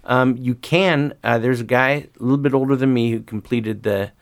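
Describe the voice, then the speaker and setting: A man's voice: mid-range voice, moderate pace, no room sound, clean studio sound. An older man chatting as a guest, telling rambling stories with lots of fillers. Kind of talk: casual conversation.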